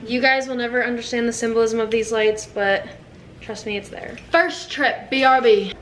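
Young woman vlogger, bright slightly high voice, bubbly and slangy; roomy home sound with faint background hiss. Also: steady tone, normal speed, far from the mic. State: out of breath. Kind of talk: casual vlog chat. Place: house and basement, indoors. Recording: roomy home audio with faint ambient noise.

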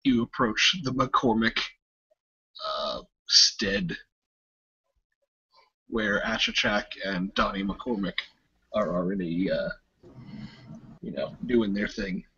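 A male game master narrates a tabletop game in a loose, rambling way full of fillers. His voice is bright and a little husky. The recording is dull and lo-fi. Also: on the low side, animated, slow, pauses often.

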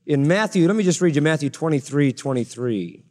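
A man's voice: fairly high pitch, lively intonation, fairly quick, warm tone, long reverb tail. A male pastor preaching a sermon emphatically, stressing his points with repeated parallel phrases.

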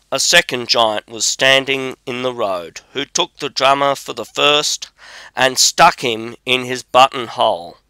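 Guy reading a fairy tale audiobook, slow and steady, bright crisp voice, dry close sound. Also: medium pitch, dry recording. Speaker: audiobook narrator. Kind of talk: scripted fairy tale narration.

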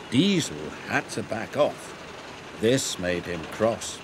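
A man narrating a children's story in a gentle, measured, expressive way. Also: lowish voice, slight background noise. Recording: loud background music.

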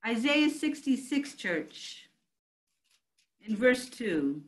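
Woman pastor, high voice, animated pitch, emphatic sermon delivery. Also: extremely slow, low-quality recording. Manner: emphatic preaching, calls out to the church.

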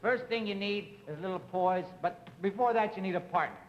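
A man's voice: high-pitched, brisk, a little hiss or hum, natural voice. A man playing a bossy, impatient dance teacher in a live 1950s TV comedy sketch, exasperated and often laughing. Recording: dull lo-fi 1950 TV audio with loud audience laughter.

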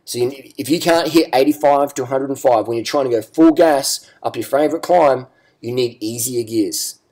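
A man's voice: mid-range voice, moderate pace, darkish tone. Man, cycling vlogger, blunt, swearing, repetitive rant. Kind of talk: ranting video commentary.

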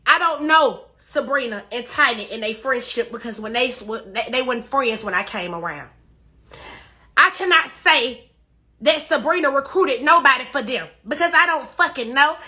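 A woman's voice: high voice, pushed and bright. A woman on a livestream, talking emphatically and with plenty of profanity, repeating her denials over and over. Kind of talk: emotional livestream rant.

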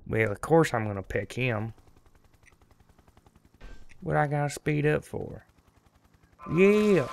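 A man's voice: medium pitch, gravelly. A young man giving goofy, rambling commentary on a game, sometimes singing bits of a song. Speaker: let's play commentator. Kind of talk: casual gameplay commentary.

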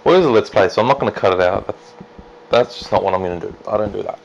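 A man casually commentating his own gameplay, chatty and self-deprecating, jumping into excited high yelps. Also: racing, vocal fry, muffled recording, slight background noise. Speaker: let's play gamer.

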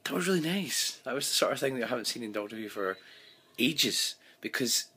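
A man's voice: mid-range voice, brisk, bright, forceful tone, slightly rough. A man giving a casual, rambling vlog review of a TV episode, recorded on his phone, full of fillers and restarts.

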